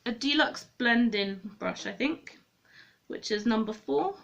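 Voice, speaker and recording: A woman's voice: fairly high pitch, unhurried, vocal fry, dull audio. A woman chatting through a makeup tutorial, thinking aloud and correcting herself as she goes. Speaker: beauty vlogger.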